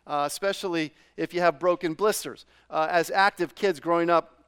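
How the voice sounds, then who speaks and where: High, smooth-voiced man preaching. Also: steady tone, moderate pace, a bit bright. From New England. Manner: conversational, many fillers and restarts, asks the congregation questions. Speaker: pastor. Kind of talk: sermon.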